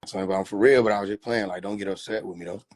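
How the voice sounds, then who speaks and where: A man's voice: fairly low pitch, steady tone, rapid-fire. A man chatting casually on a phone livestream, loose and profane, laughing often. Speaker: livestream host.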